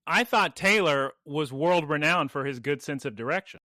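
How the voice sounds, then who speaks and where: A man co-hosting a podcast, chatting casually and telling stories in a playful, animated way. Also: a little high, moderate pace, dry recording. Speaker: podcast co-host. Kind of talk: casual chat.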